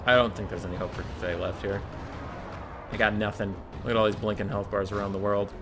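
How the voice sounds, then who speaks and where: Chatty, low-voiced male game caster. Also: level tone, fast talker, over music. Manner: chatty, digressive, talks to chat viewers. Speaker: tournament caster and streamer. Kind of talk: live-streamed strategy game commentary.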